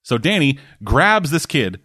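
A man's voice: medium pitch, very animated, measured pace, husky, dry recording, studio quality. A man chatting casually about movies and shows, rambling and swearing, with lots of restarts. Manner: rambling, profane, acts out quotes loudly.

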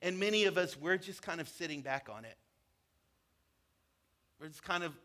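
A man preaching a sermon as a pastor, telling a parable with animated voices for its characters. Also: high-pitched, moderate pace, pauses often.

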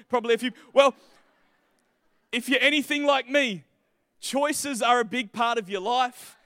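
A man preaching a sermon, moving from casual jokes to slow, emphatic scripture reading. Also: extremely high pitch, fairly bright tone, no echo, clean studio sound.

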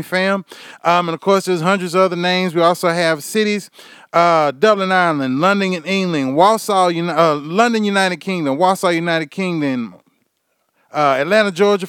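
A man's voice: high voice, a bit bright, clear, resonant tone, no echo, studio quality. A man hosting his own podcast, rambling through a swear-filled comic rant. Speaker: podcast host. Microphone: podcast microphone.

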